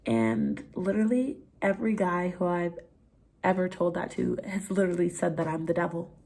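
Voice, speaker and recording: Young woman vlogging a story time, husky lowish voice, laughs a lot, gets hushed then loud. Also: normal speed.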